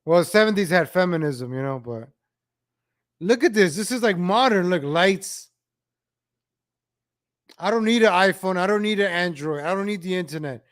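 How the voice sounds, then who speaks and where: A man with a high voice rants about old street footage at a normal speed, stopping often. His reaction commentary is full of exasperation, and he repeats the same phrases again and again.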